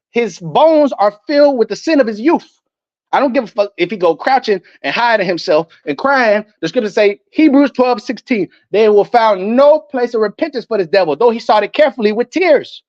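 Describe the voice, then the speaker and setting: A man's voice: high voice, no room sound. A man preaching a heated sermon, reading scripture aloud and cutting in with profane, confrontational asides. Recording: dull, muffled lo-fi audio.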